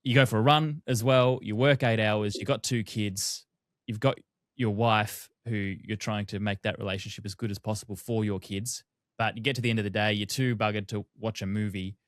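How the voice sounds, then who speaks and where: A man with a fairly low voice hosts a casual podcast, asking long, rambling questions in a relaxed, conversational way. His voice sounds close and dry, with almost no room sound. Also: normal speed, no room sound. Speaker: podcast host.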